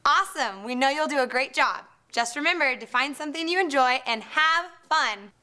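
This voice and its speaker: A woman's voice: high-pitched, lively intonation, normal speed, pushed and bright. A woman cheerleader who speaks to students in a friendly, encouraging way.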